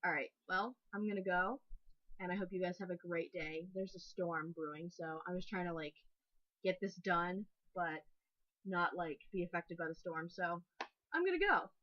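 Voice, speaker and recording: A woman's voice: fairly low pitch, steady tone, moderate pace, a bit bright, dry recording. A young woman giving a casual, rambling spoken review, full of "like" fillers and frustrated ranting. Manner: chatty, frequent "like" fillers, ranting. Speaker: anime reviewer. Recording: dull lo-fi webcam audio, dry.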